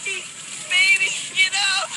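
A woman's voice: very high-pitched, completely flat delivery, measured pace, full character voice, low-quality recording. An actress playing a hysterical, pushy middle-aged pageant mother in a film clip. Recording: film clip with loud noise behind.

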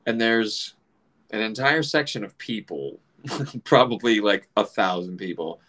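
A man in his forties tells a casual story in an animated way, swearing freely and acting out other people's voices. His pitch is fairly low and his pace a little slow.

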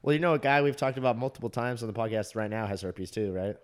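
A man's voice: medium pitch, fast. A young man from Southern California co-hosting a podcast, telling crude stories in a loose, casual way and laughing often. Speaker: podcast co-host. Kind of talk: casual chat.

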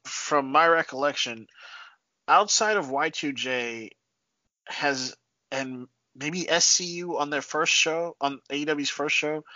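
A man co-hosting a casual podcast, steering topics with animated, halting talk. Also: mid-range voice, no room sound. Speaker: podcast co-host. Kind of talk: casual chat. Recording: dull lo-fi sound.

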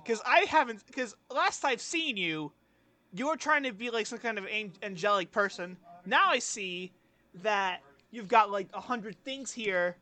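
A man's voice: high voice, pushed and bright, no room sound. Brief: young male podcast co-host, rambling crude self-mocking banter, dry close sound. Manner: rambling, crude, self-mocking, laughs through his stories. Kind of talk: casual chat.

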